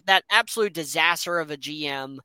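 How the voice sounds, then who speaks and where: A man's voice: on the high side, brisk, bright, forceful tone, clear, resonant tone, no room sound. A man co-hosting a sports talk show, chatting casually and opinionated about football teams. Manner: enthusiastic, opinionated, rambling.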